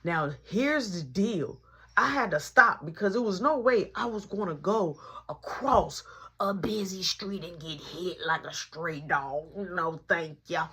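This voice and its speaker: A woman telling a story in a casual storytime monologue, animated and full of sound effects. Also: unhurried, breathy edge. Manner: animated, punctuates with sound effects like boom and boop.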